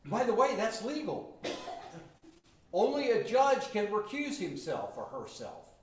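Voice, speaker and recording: A male pastor preaching with animated storytelling and joking asides. His voice sits high and swoops widely, unhurried and slow, echoing around the room. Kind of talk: sermon. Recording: echoey room.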